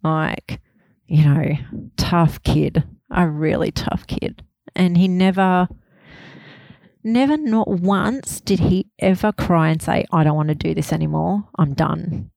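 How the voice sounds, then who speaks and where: A woman in her thirties, a grieving mother speaking candidly in an interview, halting and laughing softly through painful memories. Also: fairly low pitch, creaky, dry recording. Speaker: interview guest, bereaved mother. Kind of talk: emotional personal interview.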